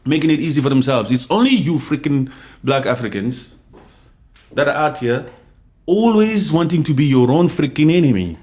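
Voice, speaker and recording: A man from Congo hosting an unscripted opinion podcast, talking forcefully and confrontationally, swinging between loud outbursts and quiet asides. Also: on the high side, lively intonation, normal speed. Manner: reads and answers live comments. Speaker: podcast host.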